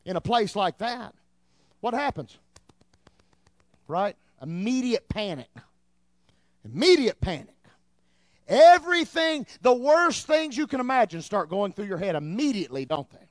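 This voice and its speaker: Guy preaching a sermon in church, really high voice, animated storytelling, dry close sound. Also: normal speed, long pauses, dry recording. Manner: animated storytelling, repeats words when excited. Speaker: pastor.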